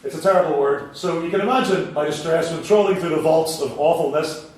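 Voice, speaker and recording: A dry, self-mocking man with a Belfast accent, telling stories in a solo stage show. His voice sits a little high, and the sound is picked up from far off in a very echoey theatre hall. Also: a little fast, darkish tone, slight background noise. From Northern Ireland. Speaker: writer performing a solo show. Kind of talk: stand-up storytelling.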